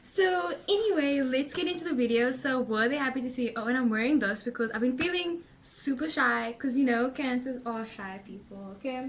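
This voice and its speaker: A young woman with a slightly high voice rambles through a casual tarot reading. She is a little out of breath, and her chatty talk is full of fillers and small giggles. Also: fairly bright tone, slight background noise. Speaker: tarot reader and vlogger.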